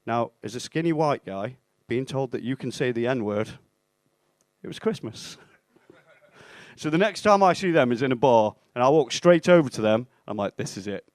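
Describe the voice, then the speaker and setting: A young man performing a stand-up set in a comedy club, with a deadpan, self-mocking delivery and acted-out bits of dialogue. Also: mid-range voice, moderate pace, no echo. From England (Stoke-on-Trent).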